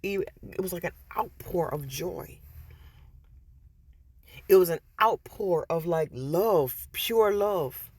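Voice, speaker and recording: A woman vlogger casually telling a personal story, animated and often restarting and repeating words, on a headset mic. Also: lowish voice, slow pace, long pauses, slightly rough, dry recording.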